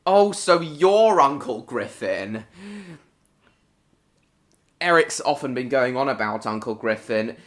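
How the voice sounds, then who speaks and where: Slow-talking British man streaming live. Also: medium pitch, lively intonation. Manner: greets viewers by name and answers chat in short bursts. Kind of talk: casual live-stream chat reading viewer comments.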